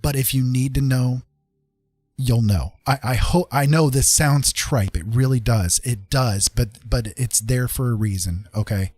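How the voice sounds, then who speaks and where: A man hosting a casual live-stream chat, earnest and reassuring, talking haltingly with many fillers and restarts. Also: medium pitch, a little mellow, dry recording. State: getting a little emotional.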